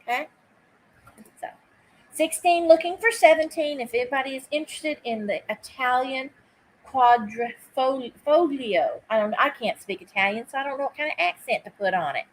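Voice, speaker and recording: A woman's voice: high voice, animated, moderate pace, slight background noise, poor audio. Chatty woman running a live online sale. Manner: chatty, greets viewers by name while taking bids; casual asides and easy laughter. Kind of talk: live-stream auction chat.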